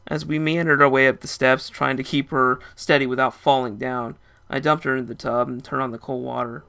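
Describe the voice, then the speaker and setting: Gravelly young man telling a story. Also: mid-range voice, little pitch movement, brisk, sharp tone. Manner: casual, rambling storyteller. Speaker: narrator. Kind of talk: first-person story narration.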